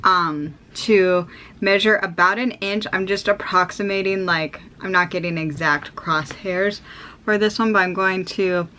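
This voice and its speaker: A woman's voice: fairly low pitch, fairly even intonation, unhurried, bright, forceful tone, slight background noise. An American woman in her thirties explaining a sewing project in a chatty, upbeat way, full of ums and likes. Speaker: sewing vlogger. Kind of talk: casual how-to chat.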